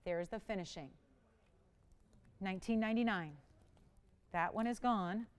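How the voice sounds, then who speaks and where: A woman's voice: medium pitch, measured pace, smooth. A woman hosting a live shopping channel, selling jewelry in a chatty, enthusiastic way and talking with callers and crew. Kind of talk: live jewelry sales pitch. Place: TV studio.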